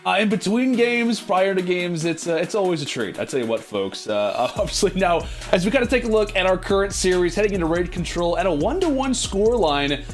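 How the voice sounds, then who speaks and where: A man's voice: high-pitched, sing-song, a little fast, few pauses, soft background music. A man casting an esports match, talking through the action in a chatty way with many fillers. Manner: chatty, filler-heavy analysis. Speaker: esports caster. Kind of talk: play-by-play commentary.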